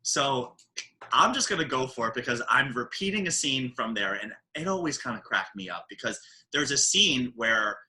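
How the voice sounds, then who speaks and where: A man with a New York accent hosting a podcast in casual, animated, joking chat. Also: medium pitch, moderate pace, poor audio. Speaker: podcast host.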